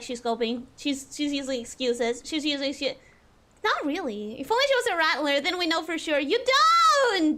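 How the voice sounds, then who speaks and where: Very high-pitched bright streamer woman. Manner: chatty, reads chat messages aloud and replies. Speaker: virtual streamer. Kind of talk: live game stream, reading and answering chat.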